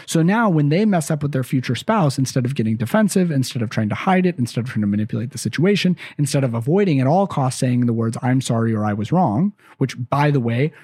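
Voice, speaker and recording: A man with a mellow, slightly husky voice hosts a parenting podcast and speaks in an earnest, chatty way. He often repeats and restarts his phrases. The sound is dry and close, with no room echo. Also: medium pitch, animated, fast, hardly any pauses. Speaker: parenting podcast host and counselor. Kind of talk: casual advice talk.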